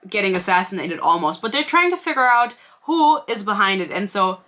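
A woman's voice: medium pitch, very animated, fairly quick, bright, forceful tone. A woman in her twenties giving a casual, sarcastic book review vlog, laughing and reading excerpts aloud.

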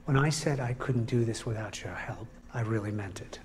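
A man playing a cold, calm killer. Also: lowish voice, natural voice. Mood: cold menacing. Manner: measured, cold confession. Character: male killer, calm and menacing. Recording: film audio with score music.

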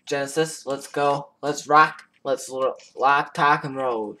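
A man's voice: medium pitch, steady tone, slow pace, pauses often, sharp tone. A man giving casual gameplay commentary in a goofy, rambling, self-mocking way. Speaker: gaming YouTuber.

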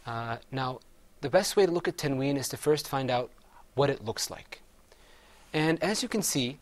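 A man's voice: mid-range voice, expressive, normal speed. Man, Quran recitation teacher, patient, call-and-repeat. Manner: patient, has students repeat words after him. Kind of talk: classroom recitation lesson.

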